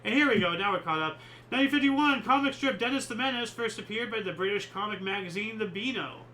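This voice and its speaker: A man's voice: sits high, fast, bright, forceful tone, slight background noise, rough recording. A man hosting a casual history chat show, reading out dates and chatting about them in a rambling, opinionated way with many fillers. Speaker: host.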